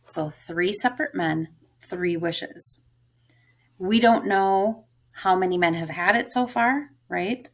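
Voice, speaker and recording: Woman, teacher, close-reading lesson, thoughtful, musing, low voice, vocal fry. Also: slow.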